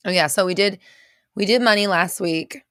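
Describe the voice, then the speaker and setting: A woman's voice: medium pitch, normal speed, fairly bright tone, clear, resonant tone, no room sound, clean studio sound. A woman hosting a casual livestream, greeting viewers by name and reading out their comments in a chatty way. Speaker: livestream host.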